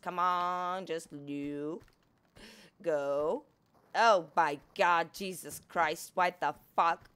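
A woman's voice: lowish voice, fairly bright tone. A woman giving casual, chatty gameplay commentary, talking to the on-screen character and swearing freely. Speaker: gaming streamer.

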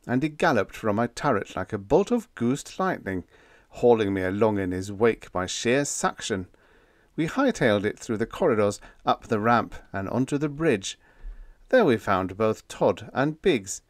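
A man narrating a humorous story in the first person, with lively, expressive storytelling. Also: on the low side, normal speed, no room sound, studio quality. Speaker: audiobook narrator.

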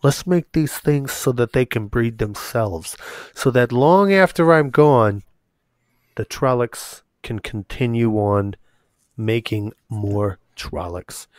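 A man's voice: medium pitch, slow, dry recording, clean studio sound, natural voice. A man putting on a grandly scheming mad sorcerer. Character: mad scheming older male sorcerer-scientist. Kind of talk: podcast impression.

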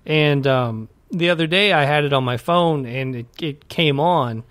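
A man's voice: on the high side, a little slow, fairly bright tone, no echo. A man co-hosting a podcast in laid-back casual chat, often saying "man.". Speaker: podcast co-host and editor.

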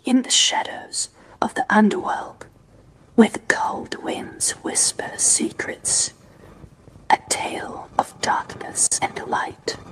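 A woman's voice: mid-range voice, completely flat delivery, brisk, few pauses, a little mellow, slightly rough, poor audio. A synthetic female voice telling a mystery story as a whispered role-play. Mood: hushed.

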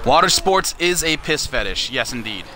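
A man's voice: fairly high pitch, sing-song, normal speed, background noise. A man chatting crudely on a live stream, profane and mocking as he reads messages and asks for donations. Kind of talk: casual live-stream chat.

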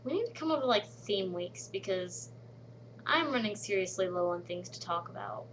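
A woman chatting casually to her webcam at home late at night, rambling with lots of "um"s and dropping into soft murmured asides. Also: medium pitch, sing-song, moderate pace, slight background noise, poor audio. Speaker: vlogger in a collab channel. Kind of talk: casual chat to camera.

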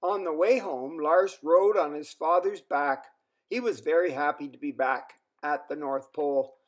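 A man reading a children's story aloud as a storyteller, in an expressive way. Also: fairly high pitch. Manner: slow, expressive.

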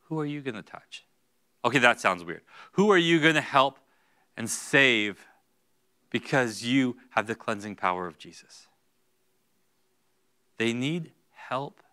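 A male pastor preaching a sermon in a church, going from hushed, slow lines to loud, high-pitched bursts. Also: expressive, smooth. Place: church sanctuary.

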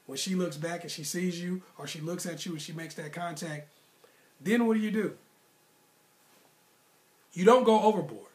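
A high-pitched man coaches single men on dating in a direct-to-camera advice monologue, speaking at a moderate pace with frequent pauses. He's casual, emphatic, and repetitive, with slangy phrasing.

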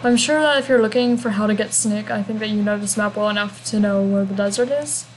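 A woman's voice: medium pitch, a little fast, a little hiss or hum, rough recording. A young woman chatting through a video game walkthrough, rambling casually and humming little fillers as she goes. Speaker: gameplay walkthrough narrator.

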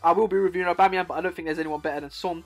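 A man's voice: high-pitched, racing, gravelly, soft background music. A young man giving hyped, playful commentary over football game clips, talking straight to the viewer. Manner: excitable, playful, talks to the viewer. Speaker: gaming YouTuber.

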